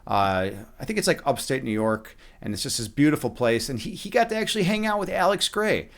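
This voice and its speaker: A male streamer talks loosely from a home streaming room while a chess game runs, his voice sitting at an ordinary middle pitch. He rambles, restarts his sentences often and drops in casual swearing, close on a desk mic. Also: expressive, fairly quick, fairly bright tone, slight background noise. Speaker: live streamer.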